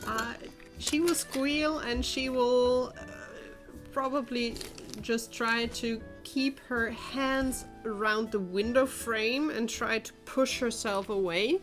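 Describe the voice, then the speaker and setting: A woman's voice: a little high, fairly even intonation, slow pace. Wry woman player over music. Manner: wry, laughing, thinks aloud. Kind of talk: casual tabletop role-play.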